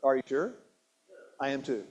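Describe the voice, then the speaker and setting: Speaking at normal speed in a medium pitch, the health seminar presenter sounds expressive and a little mellow. His nutrition talk at a church hall is full of questions for the audience, repeated key words, and restarted sentences.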